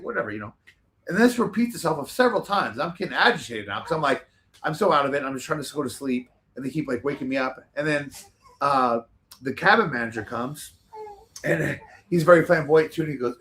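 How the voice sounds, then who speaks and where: A man tells animated, rambling stories as a guest on a casual talk show. He talks very fast, with lots of fillers and restarts, and his voice sits fairly high for a man.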